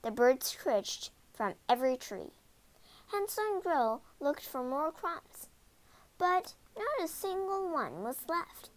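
Animated woman reading a storybook. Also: high-pitched, takes it slowly. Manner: animated, dramatic. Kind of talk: expressive storybook read-aloud.

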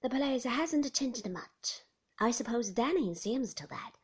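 A woman reading the lines of a teasing, flirtatious man in a story, speaking loudly. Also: fairly high pitch, lively intonation, takes it slowly, husky, heavily acted. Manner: teasing and loud. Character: cheeky, flirtatious man in sports car.

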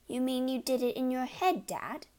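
An eager young boy in a storybook, wide-eyed and impressed, as a woman reader puts him on. He speaks slowly and with wonder. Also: sits high, lively intonation, a little mellow, pitched above the performer's own voice.

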